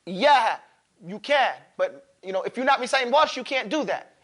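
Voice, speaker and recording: A man teaching Quran recitation to a class, drilling students casually and modeling each word slowly, with some jokes. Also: extremely high pitch, lively intonation, fairly bright tone. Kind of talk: classroom tajweed lesson.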